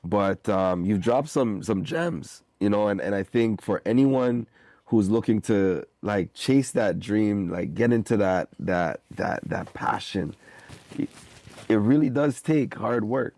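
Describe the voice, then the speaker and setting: Male podcast host, low gravelly voice, laid-back, dry close mic. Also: lively intonation, slow, darkish tone, no room sound. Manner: laid-back, lots of "mm-hmm" and "bro". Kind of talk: casual interview.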